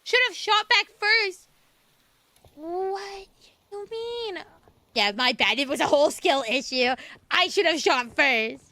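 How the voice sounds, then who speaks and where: A young adult woman streaming games, chatting and joking, and bursting into loud screams and curses. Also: very high-pitched, expressive, slow, noisy background. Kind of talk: livestream gaming commentary.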